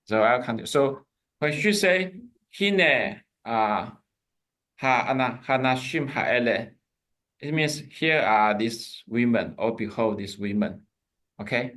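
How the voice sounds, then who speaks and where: A man's voice: medium pitch, expressive, fairly bright tone. A man teaching a Hebrew lesson, repeating words and stopping to explain. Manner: slow, repeats words, pauses a recording to explain. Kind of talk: classroom lesson.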